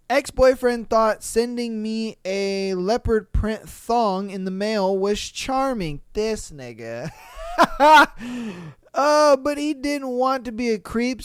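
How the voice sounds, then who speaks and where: A man hosting a podcast, reading listener stories aloud and reacting with animated, slangy, profane rants. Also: high voice, smooth, dry recording, clean studio sound. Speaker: podcast host.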